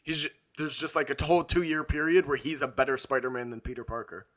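A man's voice: medium pitch, quick pace, lo-fi sound. A man co-hosting a podcast, rambling casually with lots of fillers and fumbling, bothered by hiccups. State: hiccups and burping. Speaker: podcast co-host.

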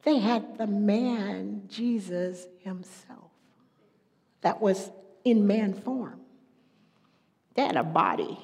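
Slow-spoken woman preaching in echoey hall. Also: medium pitch, gravelly. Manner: swings between hushed whispers and loud emphatic preaching. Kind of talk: sermon. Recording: long echoey hall reverb.

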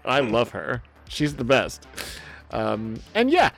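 A man co-hosting a podcast over a remote call, talking in a rambling, animated way with lots of fillers and swearing. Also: medium pitch, takes it slowly, gravelly, faint music behind. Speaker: podcast co-host and author. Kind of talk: casual podcast chat. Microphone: remote call recording.

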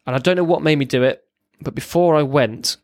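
A man, a former serviceman, telling his own story as a podcast guest in a halting, plain-spoken way. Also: fairly high pitch, darkish tone, dry recording. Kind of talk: candid personal storytelling.

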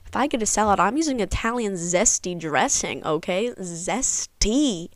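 A woman's voice: mid-range voice, animated, a little fast, no room sound. A young woman hosting a casual solo podcast, rambling and sarcastic, swearing freely as she rants. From Midwest of the United States. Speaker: podcast host.

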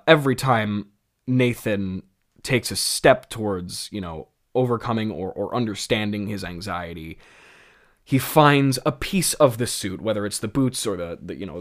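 A young man hosting a podcast, rambling through casual, self-mocking commentary on a script he wrote as a teen, with many restarts and laughs. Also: on the low side. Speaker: podcast host.

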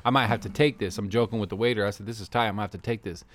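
A man hosting a podcast, telling animated stories full of profanity in casual chat. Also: lowish voice, rapid-fire, no room sound. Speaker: podcast host.

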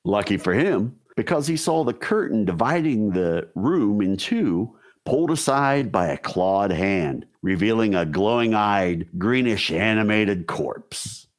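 Male podcast co-host, low and expressive, wry storyteller. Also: unhurried, hardly any pauses. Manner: wry, jokey asides while reading lore. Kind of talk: casual storytelling chat.

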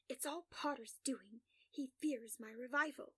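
A woman's voice: high-pitched, normal speed, lightly acted. Woman doing a paranoid whispering young patient. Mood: whispered menace. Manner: harsh whispering. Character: paranoid grandiose young man in an asylum.

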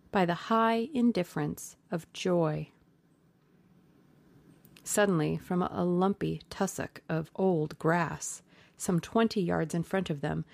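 A woman narrating a classic novel aloud in slow, measured storytelling. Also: fairly low pitch, creaky, darkish tone, no echo. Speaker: audiobook narrator.

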